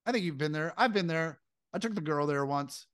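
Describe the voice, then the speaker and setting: A fairly high-voiced man co-hosting a podcast in a rambling, profane, casual way. He jumps into animated impressions now and then. The sound is dry and close. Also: a little fast, clean tone, dry recording. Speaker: podcast co-host.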